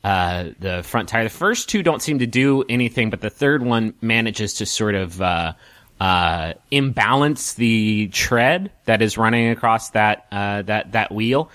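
A man's voice: on the low side, animated, unhurried, fairly bright tone, no room sound. A man narrating as game master of a tabletop game, hesitant, with many fillers.

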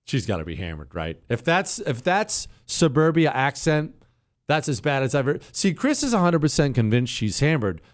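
A man hosting a talk radio show, sarcastic and chatty, often jumping into a mocking high pitch. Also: very animated, normal speed, no echo, clean studio sound. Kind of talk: casual talk radio commentary.

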